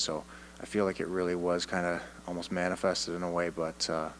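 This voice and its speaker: Low-voiced, confident Canadian fighter. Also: male voice, brisk, a little hiss or hum, rough recording. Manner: confident, animated storytelling with repeated restarts. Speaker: MMA fighter at media day. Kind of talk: press interview answers. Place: media day press room.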